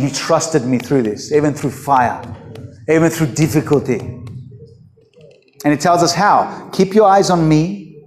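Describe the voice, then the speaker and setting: A man's voice: mid-range voice, darkish tone, slight background noise. A man preaching a sermon as pastor, emphatic and full of rhetorical questions to the congregation. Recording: echoey hall.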